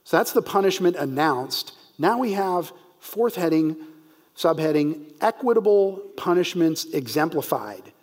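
On the high side and animated, a man's voice moves through a Bible passage verse by verse, reading the text slowly and emphasizing its key words.

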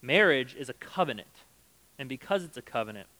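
A man's voice: mid-range voice, animated, fairly quick, bright, forceful tone, poor audio. A man preaching a sermon in a conversational way, reading scripture aloud and acting out the quotes. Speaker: pastor.

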